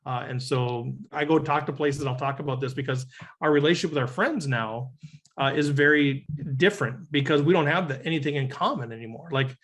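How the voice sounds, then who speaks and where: A middle-aged leadership coach appears as a podcast guest in a conversational interview, speaking earnestly and reflectively and often ending sentences with "right?". His voice is fairly high and a bit bright, and he talks a little fast.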